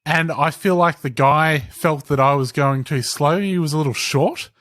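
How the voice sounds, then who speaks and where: A man's voice: on the high side, moderate pace, a bit bright, no room sound, clean studio sound. A man on a podcast in casual chat, telling wry anecdotes.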